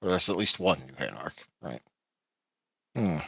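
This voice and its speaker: A man's voice: low-pitched, animated, a little slow, vocal fry, bright, forceful tone, husky, no echo. A man running a tabletop game as game master, rambling and correcting himself, often chuckling. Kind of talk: narrating a tabletop game online.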